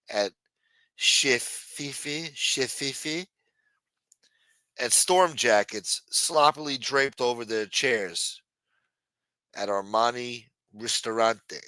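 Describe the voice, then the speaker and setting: A man's voice: medium pitch, bright, forceful tone, no room sound. A man hosting a live show, ranting bluntly in profane casual commentary. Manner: blunt, ranting, reads news aloud, quotes scenes in a Mafia-style voice.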